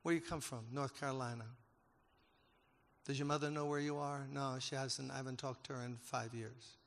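A gravel-voiced male pastor with a middle-range pitch recounts a story during his sermon at normal speed, mostly with fairly even intonation. Emotion pushes him toward loud, emphatic peaks, and his words reverberate at length as if in a big church hall.

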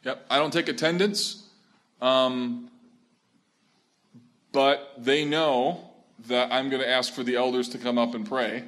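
Pastor, male, mid-pitched, speaking to a live room, earnest and animated. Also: unhurried, pauses often. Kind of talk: talk and Q&A for church leaders.

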